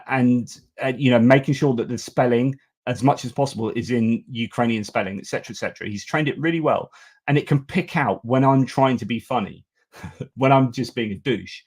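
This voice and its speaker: A man hosts a live news stream in a loose, talkative way. He gives blunt opinions and often stops to restart his sentences with "um" and "uh". His voice sits at a middle pitch for a man. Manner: chatty and opinionated, with frequent fillers and restarts. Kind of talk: casual live-stream commentary.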